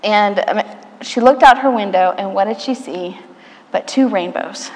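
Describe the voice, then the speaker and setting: A woman preaching a sermon in a church, telling stories with playful asides and dropping to a soft hush at quiet moments. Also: mid-range voice, measured pace. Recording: church hall reverb.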